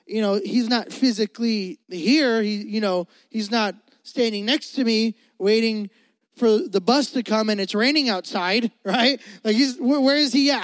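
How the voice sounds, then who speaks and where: High-voiced chatty young pastor, man. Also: dry recording. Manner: chatty, full of fillers and asides to the crowd. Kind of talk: casual youth sermon.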